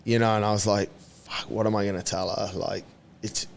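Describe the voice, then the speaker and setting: A man's voice: fairly low pitch, level tone, fairly quick, gravelly. A man in a podcast interview, telling a story in a casual way. He laughs often, swears and acts out what others said. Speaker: podcast guest.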